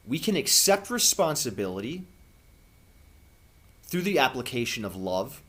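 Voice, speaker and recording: A man giving an impassioned spiritual monologue to camera as a vlogger, earnest and preachy, with long dramatic pauses. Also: a little high.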